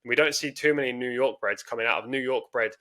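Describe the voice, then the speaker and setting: A man in casual podcast chat, working through race form point by point and hedging his calls. His voice is bright and forward at a middling pitch, and his talk is analytical and measured. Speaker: podcast co-host. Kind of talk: casual horse racing preview chat.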